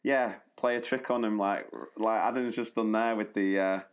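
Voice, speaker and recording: Man, low voice, easygoing podcast co-host, casual chat. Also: normal speed. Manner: relaxed, chatty, laughs along often.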